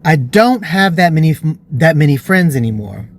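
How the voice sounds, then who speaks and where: Vlogger, male, somewhat high voice, candid and earnest storytelling. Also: sing-song, moderate pace. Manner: earnest and emotional.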